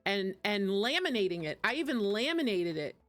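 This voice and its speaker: A woman's voice: mid-range voice, big pitch swings, moderate pace, faint music behind. Chatty woman streamer, laughing often. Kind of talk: casual chat while gaming.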